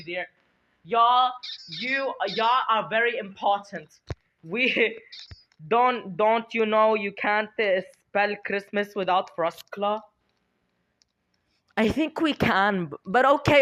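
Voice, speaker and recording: A young adult streamer giving excited gameplay commentary, giggling, squealing and talking dramatically to themselves. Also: mid-range voice, unhurried.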